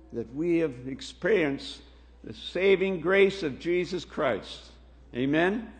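A man with a high voice preaches in an unhurried, deliberate way. He leans on each scripture line and keeps turning to the congregation with "Amen?" The room gives a long echo behind him. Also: fairly bright tone. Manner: slow, emphatic scripture reading with call-and-response "Amen?". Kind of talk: sermon. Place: church hall. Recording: reverberant hall.

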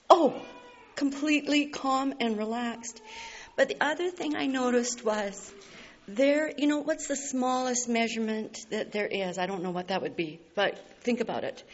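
A woman's voice: a little high, measured pace. A woman telling a personal faith story in an earnest, heartfelt way, tearful and laughing through her tears. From Canada. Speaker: speaker sharing a personal testimony. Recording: slightly dull recording with faint hiss.

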